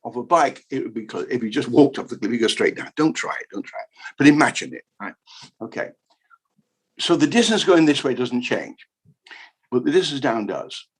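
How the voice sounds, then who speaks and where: A man giving a humorous keynote lecture on the history of maths, jokey and animated, repeating words for emphasis. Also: mid-range voice, normal speed, breathy edge, rough recording. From United Kingdom. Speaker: keynote speaker.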